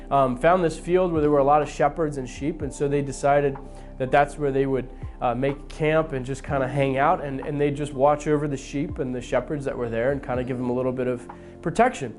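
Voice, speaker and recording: Young guy doing a chill youth devotional, chatty, lots of ums, soft music behind. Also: medium pitch. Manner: casual and conversational, with many fillers and retellings in everyday speech. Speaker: student ministry leader.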